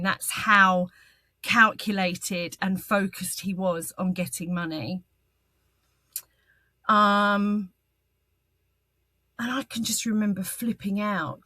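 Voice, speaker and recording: A woman's voice: mid-range voice, fairly bright tone, dry recording. Earnest woman recounting hard times. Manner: halting, with frequent ums and restarts; earnest and candid. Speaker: guest sharing her story. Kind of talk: personal testimony in an interview.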